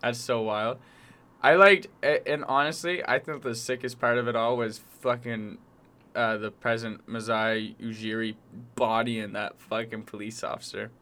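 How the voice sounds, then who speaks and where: A man's voice: medium pitch, fairly even intonation, normal speed, sharp tone. A young man co-hosting a podcast, chatting casually, laughing a lot and swearing as he rambles through stories. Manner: crude, laughing, rambling storyteller. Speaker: podcast co-host. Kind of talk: casual chat.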